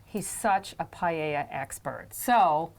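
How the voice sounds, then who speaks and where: A woman's voice: low voice, animated, takes it slowly. A woman hosting a cooking show, asking questions and explaining cooking terms in an upbeat way. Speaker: host. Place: outdoors on a hillside.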